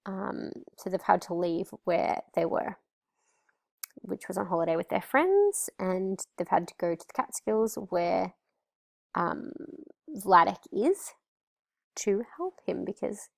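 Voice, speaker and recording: A woman teacher with an Australian accent, reading passages from a graphic novel aloud and explaining them to students in a conversational way, often pausing to think. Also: mid-range voice, gravelly, dry recording. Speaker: English teacher.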